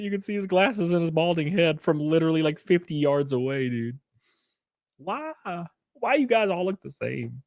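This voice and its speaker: A man's voice: high-pitched, a bit bright, no echo, studio quality. A man streaming live, giving casual, profane reaction commentary and acting out quotes as he tells stories.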